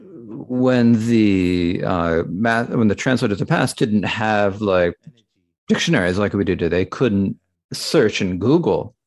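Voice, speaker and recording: A man interpreting a Buddhist Dharma talk aloud, halting, with frequent restarts and fillers. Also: fairly low pitch, animated.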